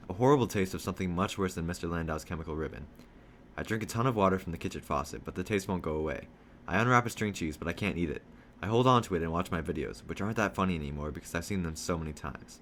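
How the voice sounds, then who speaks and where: A man reading a novel aloud, telling a first-person story in a steady storytelling manner. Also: low voice, slight background noise. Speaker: reader.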